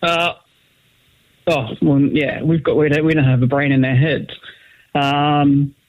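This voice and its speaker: A man from Australia with an Australian accent, calling in to a talk show and joking, with halting restarts. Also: fairly high pitch, level tone, no room sound. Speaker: caller. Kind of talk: casual phone call. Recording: tinny phone line.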